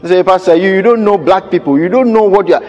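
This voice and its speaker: A man's voice: high-pitched, quick pace, darkish tone, muffled recording, soft background music. Emphatic preacher man, echoing hall. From Ghana. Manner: emphatic, repeats key phrases. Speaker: pastor. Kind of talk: sermon.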